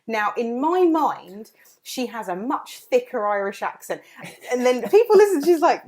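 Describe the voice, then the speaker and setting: A woman's voice: fairly high pitch, expressive, moderate pace. Woman chatting on a podcast, lots of restarts and laughs. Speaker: podcast co-host. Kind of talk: casual chat.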